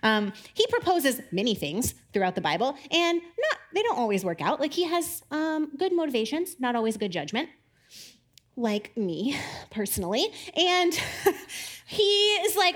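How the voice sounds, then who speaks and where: A woman's voice: a little high, big pitch swings, normal speed. A young woman giving a casual sermon, chatty and self-deprecating, laughing often and acting out the people she quotes. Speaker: preacher.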